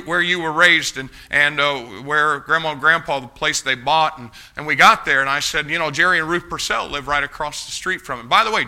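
A man's voice: mid-range voice, pushed and bright, smooth. A man preaching, telling a folksy personal story and urging his congregation on. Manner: folksy storytelling, rises to fervent exhortation. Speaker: pastor. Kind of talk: sermon with storytelling.

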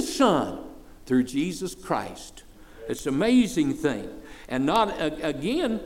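A pastor in his sixties delivers a church sermon in a folksy, plain-spoken way. He swells loud in praise, then drops low and soft, his delivery slow and sing-song.

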